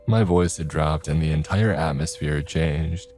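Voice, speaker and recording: A man narrating a first-person horror story in a tense, gruff manner. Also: a bass voice, moderate pace, hardly any pauses. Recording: soft music underneath.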